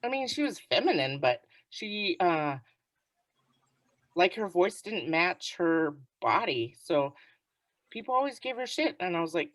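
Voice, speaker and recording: A woman co-hosting a podcast in casual chat, talking in an animated way and filling her sentences with "like". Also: fairly low pitch, measured pace, no echo. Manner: animated, chatty, heavy use of "like". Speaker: podcast co-host.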